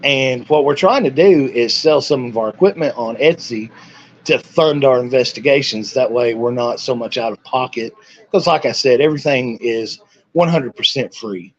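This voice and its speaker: A man's voice: mid-range voice, normal speed, dull audio. A man in his forties, a paranormal investigator guest, chatting in an easygoing, agreeable way. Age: 40s. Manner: easygoing, agreeable, short replies. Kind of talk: casual interview chat.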